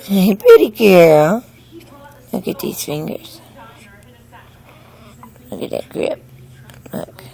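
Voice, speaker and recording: Cooing gravelly-voiced young mother. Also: huge pitch swings, slow, pauses often. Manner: cooing, soft whispers breaking into high squeals. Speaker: mother filming her newborn. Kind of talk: home video baby talk. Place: at home beside a baby.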